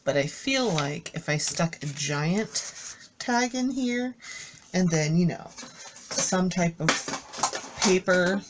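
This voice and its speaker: A slightly low-pitched woman chatting through a craft walkthrough, gushing and rambling with plenty of fillers. She is recorded on a camera mic with a faint hiss in the background. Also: lively intonation, slow, pauses often. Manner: chatty, enthusiastic, rambling with fillers and self-corrections. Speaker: craft YouTuber. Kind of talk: casual show-and-tell craft walkthrough.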